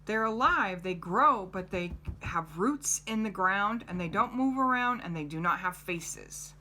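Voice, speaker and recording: Slow, bright-voiced woman teaching young kids. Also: mid-range voice, lively intonation, a little hiss or hum. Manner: gentle, coaxing, asks the child questions. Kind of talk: children's lesson.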